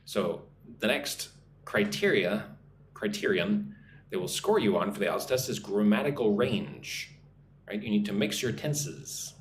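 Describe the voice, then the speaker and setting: American guy teaching english on a live stream, lowish voice, keeps saying right?, roomy echo and a bit of hiss. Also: animated, a little slow. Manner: checks in with a constant "right?", reads out viewer comments. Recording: echoey room, faint background noise.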